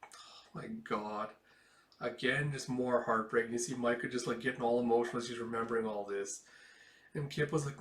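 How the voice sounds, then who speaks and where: A man's voice: medium pitch, fairly even intonation, a little fast, a bit bright. Guy rambling thru a comic, lots of likes and uhs, echoey room. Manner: rambling, filler-heavy retelling. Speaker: comic book reader and reviewer. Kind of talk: casual read-through with reactions. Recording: roomy echo.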